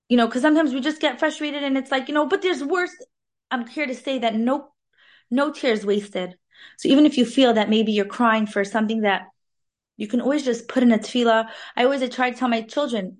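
Animated woman giving a Torah talk. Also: on the high side. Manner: animated, acts out dialogue, Hebrew terms. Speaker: Torah class speaker. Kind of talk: informal weekly Torah talk.

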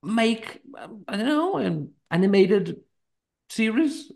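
A man's voice: high-pitched, big pitch swings, slow pace, creaky, darkish tone. A man co-hosting a podcast, chatting casually and rambling with lots of fillers and frequent laughter. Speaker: podcast co-host.

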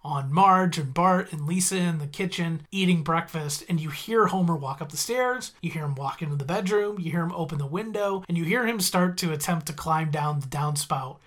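A man's voice: fairly high pitch, moderate pace, few pauses, a bit bright. Rambling man recapping an episode. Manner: rambling, goes off on tangents, self-correcting. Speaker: podcast host recapping a cartoon episode. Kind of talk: casual chat.

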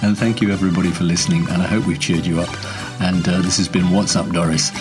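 A man's voice: low voice, flat delivery, quick pace, music in the background. A man hosting a comic phone-in sketch, teasing his caller with laughs. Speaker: radio-style host.

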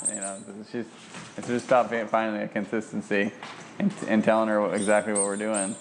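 A man working as a dog trainer, coaching an owner at home with lively praise for the dog. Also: lowish voice, a little fast, slight background noise. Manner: lively, sing-song praise for a dog between plain explanations. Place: home kitchen.

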